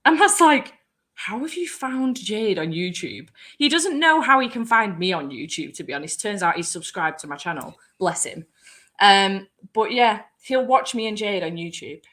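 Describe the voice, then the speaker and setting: Woman host, bright, tense voice, animated, laughs often, casual chat. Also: mid-range voice, moderate pace. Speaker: booktube host.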